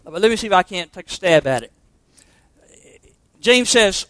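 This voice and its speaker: High-pitched pastor preaching, punchy, lots of questions, dry close sound. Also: male voice, lively intonation, moderate pace, pauses often, a bit bright, smooth, dry recording. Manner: emphatic, with rhetorical questions. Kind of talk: sermon.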